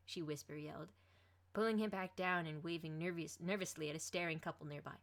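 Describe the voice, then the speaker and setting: A woman reading a fan fiction story aloud, expressive as she voices each character. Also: sits low, fast talker.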